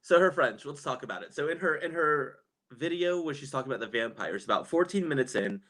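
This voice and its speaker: A man with a medium-pitched, expressive, slightly bright voice chats casually on a live stream, gossipy and quick to laugh as he reads viewers' comments aloud and reacts.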